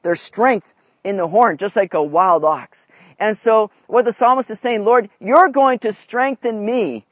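A man's voice: sits high, unhurried, dry recording. A man preaching a conversational sermon, often checking in with his listeners. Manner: conversational, asks "right?" often. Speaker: pastor.

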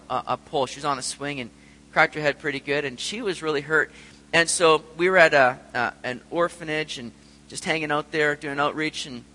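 A man's voice: fairly high pitch, pushed and bright, big-room sound, slight background noise, poor audio. A middle-aged man preaching a sermon in an earnest way, sometimes acting out prayers and voices. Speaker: pastor.

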